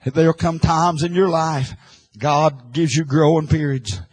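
Husky, impassioned male preacher. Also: on the high side, fairly even intonation, a little slow, poor audio. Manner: impassioned, swings from hushed to shouting. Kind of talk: sermon.

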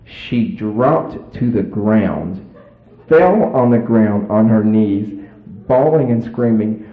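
A man's voice: lowish voice, slow. Man, folksy storyteller, colloquial, roomy echo, phone-like sound. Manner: plain-spoken, colloquial, lively and playful. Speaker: storyteller addressing a crowd. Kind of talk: folksy anecdote told to an audience.

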